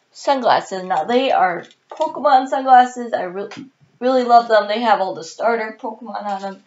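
A woman vlogger chatting casually and excitedly, with the hiccups, filling pauses with lots of ums and sos. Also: fairly high pitch, muffled recording. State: has the hiccups. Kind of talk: casual haul video chat.

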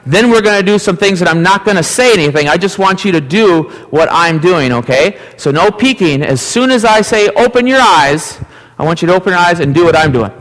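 A man with an Upper Midwest American accent, leading a children's message in church and gently asking the kids playful questions. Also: high-pitched, animated, a little fast. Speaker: pastor giving a children's message. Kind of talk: children's sermon. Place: church sanctuary. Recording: long church hall reverb.

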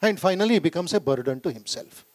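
A high-pitched man with an Indian English accent addresses a gathering in a hall. He tells stories with emphasis, repeating key phrases and voicing the people he quotes. The delivery is that of a spiritual speaker lecturing a corporate audience. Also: lively intonation, fast. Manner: storytelling, repetitive and emphatic, acts out quoted voices. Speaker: monk giving a talk. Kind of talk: public speech to a corporate gathering. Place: conference hall.

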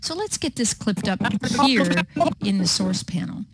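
A woman teaching video editing in a patient, step-by-step way, with frequent pauses and ums. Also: medium pitch, sing-song, very noisy. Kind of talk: screen-recorded software tutorial.

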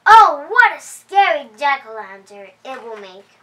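An eager, excitable storybook dragon, read aloud by a woman in a high, bright voice. He speaks slowly and simply, as in a children's picture book. He is heard from some distance. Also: exaggerated voice.

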